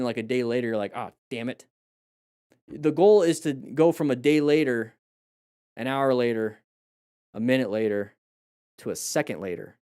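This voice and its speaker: A man's voice: medium pitch, darkish tone. A man reviewing crash videos live and coaching riders, emphatic and repetitive, acting out a rider's panic as he explains. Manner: emphatic, repeats key phrases, acts out riders' panic. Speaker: motorcycle riding coach.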